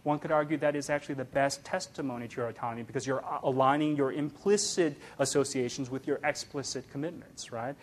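A man giving a public lecture in an animated, emphatic way, often tagging points with "right?" and filling pauses with "uh". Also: mid-range voice. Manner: animated, emphatic, frequent "right?" tags and fillers. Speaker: speaker giving a public talk. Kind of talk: lecture with audience.

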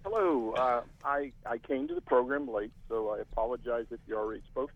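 A middle-aged man calls in to a radio talk show. He talks in a hesitant, halting way, restarting sentences and filling pauses with "uh". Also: mid-range voice, muffled recording, a little hiss or hum. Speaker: caller. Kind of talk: call-in radio chat.

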